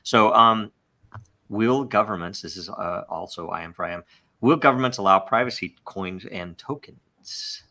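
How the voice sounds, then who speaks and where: A man hosting a podcast in casual chat, halting and rambling with many fillers and restarts. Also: lowish voice, bright, forceful tone. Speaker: podcast host.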